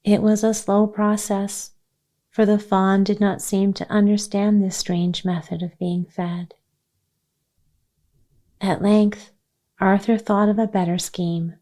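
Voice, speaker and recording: A woman reads a children's chapter book aloud as a bedtime story meant to help listeners drift off to sleep. Her voice is soft, mellow and low in brightness, and she reads gently at a very slow, soothing pace. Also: little pitch movement. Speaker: audiobook narrator.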